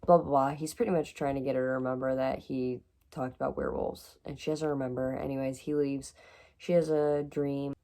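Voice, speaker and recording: A woman giving a casual reading vlog recap, chatty and excitable, with lots of "like" and "literally". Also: very deep voice, brisk. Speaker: book vlogger.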